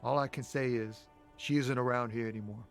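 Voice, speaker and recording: An actor playing a laid-back, guarded truck driver in a video game, speaking in relaxed slang. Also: male voice, mid-range voice, fairly quick, soft background music, close to an everyday voice.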